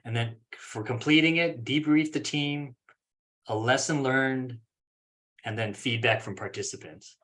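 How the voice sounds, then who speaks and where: A man's voice: mid-range voice, measured pace, fairly bright tone. A man on a video call presenting a course plan at an online speaking club meeting, casual and self-deprecating. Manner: casual, self-deprecating, acts out examples in different voices.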